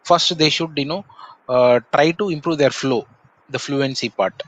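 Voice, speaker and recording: A man's voice: on the high side, a bit bright, low-quality recording. Indian man with a Tamil accent, thoughtful. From Tamil Nadu, India. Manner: measured, thoughtful, many pauses and "uh" fillers. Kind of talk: casual conversation.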